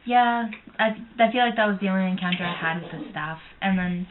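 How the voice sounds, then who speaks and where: Chatty young woman on tinny audio. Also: a little fast. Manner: chatty, giggly, acts out quotes in a higher voice. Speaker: vlogger recapping a convention. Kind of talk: casual chat. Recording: tinny phone-like audio, faint noise.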